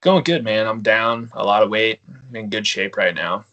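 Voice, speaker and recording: A man's voice: lowish voice, normal speed, bright, forceful tone, lo-fi sound. Laughing, storytelling man on a podcast. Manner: laughing, storytelling, acts out quoted voices. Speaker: podcast guest. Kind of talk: casual podcast chat.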